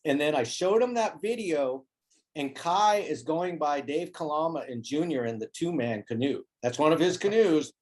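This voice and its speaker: Animated man telling a story. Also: a little high, normal speed. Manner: animated, acts out quoted voices. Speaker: interview guest, foil board maker. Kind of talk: casual storytelling.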